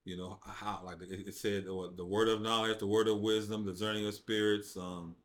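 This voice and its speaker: A man from the United States shares his faith testimony as a guest on a podcast, speaking at a moderate pace. He's an animated storyteller, acting out quotes with big jumps in pitch, and his casual, informal speech often drops verbs.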